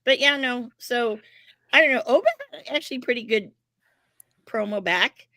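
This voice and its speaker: A woman's voice: a little high, moderate pace, no room sound. A woman co-hosting a wrestling podcast, talking bluntly and swearing freely in casual chat. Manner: blunt, profane, animated asides. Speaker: podcast co-host.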